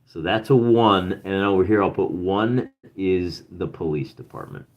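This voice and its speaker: A man's voice: low-pitched, moderate pace, lo-fi sound. A man hosting a solo journaling game, thinking aloud and chatting with his live chat. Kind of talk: casual let's-play narration.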